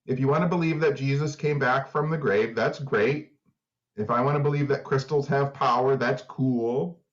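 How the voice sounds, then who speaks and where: A man's voice: mid-range voice, fairly even intonation, normal speed, dull audio. A man co-hosting a podcast in casual, joking chat, laughing easily. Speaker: podcast co-host.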